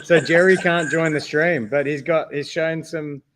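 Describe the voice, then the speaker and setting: A man's voice: fairly high pitch, fairly even intonation, a little slow, fairly bright tone. A man hosting a live stream, talking casually and encouragingly, often calling people "man" and "brother".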